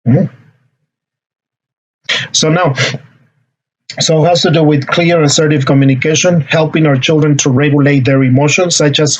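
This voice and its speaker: A man's voice: a little high, normal speed, long pauses, highs cut off. A man giving a lesson on emotional regulation and communication, acting out example dialogues between parents and children. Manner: acts out example dialogues, repeats "no, no, no". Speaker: parenting educator. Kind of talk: teaching a talk on emotional regulation.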